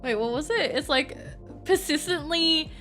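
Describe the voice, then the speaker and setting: A woman's voice: high voice, measured pace, fairly bright tone, faint music behind. A young woman streamer chatting casually while she plays a visual novel, giggly and self-deprecating as she rambles. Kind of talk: casual gaming commentary.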